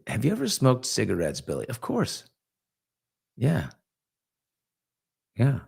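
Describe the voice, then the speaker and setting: A man's voice: on the low side, wildly swooping pitch, takes it slowly, creaky, long pauses, slightly rough. A man in his fifties hosting a casual live chat, reading viewer comments and telling candid, rambling stories. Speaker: host.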